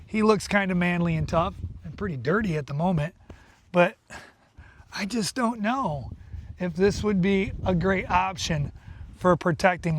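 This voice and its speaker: A man hosting a casual farm vlog, talking easily about his animals and calling to his dogs outdoors. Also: high voice. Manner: chatty, coaxing the dogs with repeated calls; relaxed explanation while reading from a website. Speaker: farm owner and channel host. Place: outdoors on a farm, then inside his house.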